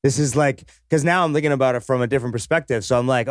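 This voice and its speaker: A man's voice: medium pitch, fast, few pauses, no room sound, studio quality. A man co-hosting a film podcast, chatting casually, rambling and swearing freely, often trailing off mid-sentence. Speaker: podcast co-host. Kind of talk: casual chat about a film.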